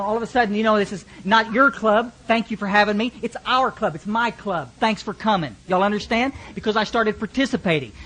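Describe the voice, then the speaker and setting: A man's voice: high voice, a bit bright, a little hiss or hum. A middle-aged man with a Texan accent, sharing his recovery story at a fellowship meeting in a folksy, joking way. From Texas, USA. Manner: folksy, joking, lots of restarts.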